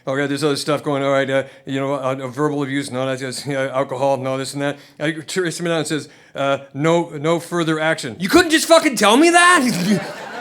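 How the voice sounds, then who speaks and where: A man's voice: mid-range voice, flat delivery, a little fast, hardly any pauses. An American man telling a profane stand-up story, acting out both sides of the dialogue on a comedy club stage. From United States. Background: audience laughter.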